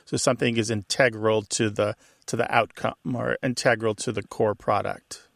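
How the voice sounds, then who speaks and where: A male radio host with a gravelly edge to his mid-pitched voice explains language patiently and encouragingly. The sound is close and dry, with no room around it. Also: fairly even intonation, moderate pace, a bit bright, no echo. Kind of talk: radio talk show explaining.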